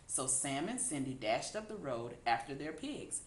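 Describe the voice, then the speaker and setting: A woman reading a children's picture book aloud in an unhurried, expressive way. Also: sits low. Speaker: storybook reader. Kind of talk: children's read-aloud narration. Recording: echoey room.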